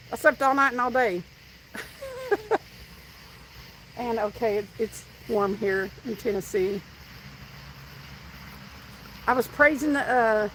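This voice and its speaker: Hosting a casual fishing live stream outdoors, a woman with a Southern US accent talks with viewers, reads their comments, and shares stories in a high voice. The recording is rough, with slight background noise.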